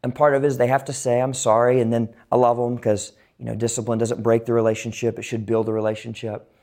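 A pastor preaching a sermon and reading scripture aloud, swinging from raised emphasis down to hushed whispers. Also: medium pitch, little pitch movement, quick pace. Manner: reads scripture passages aloud.

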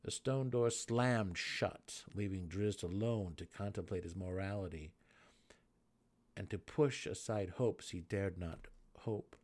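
A man reading a fantasy novel aloud in a dramatic, measured narration. His voice sits fairly low for a man. The read is steady between character voices. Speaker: audiobook narrator.

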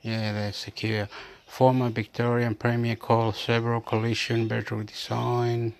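A man's voice: mid-range voice, level tone, unhurried, creaky. A man from Chile talking in a rambling, repetitive casual monologue, reading bits aloud from a screen as he goes.

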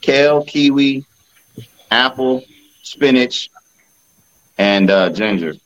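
A man's voice: medium pitch, animated, takes it slowly, a bit bright, highs cut off. A man co-hosting a podcast in casual chat, laid-back and often checking in with his listeners. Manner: laid-back, keeps asking "you know what I'm saying". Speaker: podcast co-host.

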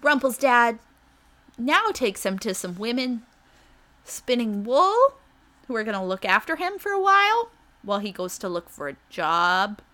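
A woman co-hosting a comedy podcast, recapping a TV episode in casual chat with a sarcastic edge and quick acted-out character lines. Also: a little high, big pitch swings, sharp tone.

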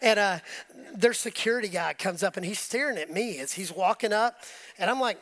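A middle-aged man preaching a sermon, telling stories in a relaxed, conversational way with frequent laughs. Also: high voice, moderate pace. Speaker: pastor.

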